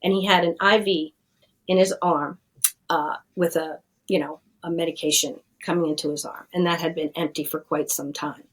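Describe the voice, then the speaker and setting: A woman's voice: sits low, fairly even intonation, moderate pace, poor audio. A middle-aged woman scientist telling her story in a plainspoken, earnest way during an interview. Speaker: addiction scientist, guest. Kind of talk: conversational storytelling.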